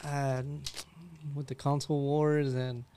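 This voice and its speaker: A man's voice: mid-range voice, flat delivery, takes it slowly, mellow, a little hiss or hum. A man co-hosting a podcast, talking in laid-back banter full of swearing. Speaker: podcast co-host. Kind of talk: casual chat.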